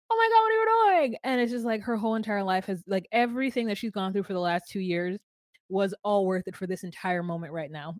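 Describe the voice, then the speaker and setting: A woman co-hosts a podcast, recapping a reality show in loose, joking chat. Her voice sits at a medium pitch, recorded close with a dry, dead sound. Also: no room sound. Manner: chatty, joking, sings silly made-up lyrics. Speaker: podcast co-host.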